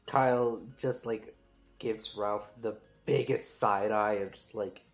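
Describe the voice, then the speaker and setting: Male player, laid-back narration, somewhat low voice. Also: soft background music. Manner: relaxed, drawn-out, with "like". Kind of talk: describing his character's actions.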